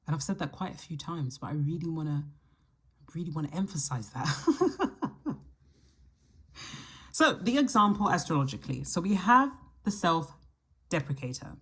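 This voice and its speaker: A woman hosting her astrology channel, talking casually to camera and thinking aloud in a reflective way, with the odd soft laugh. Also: low voice, animated, normal speed, long pauses, breathy edge. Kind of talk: casual solo talk to camera.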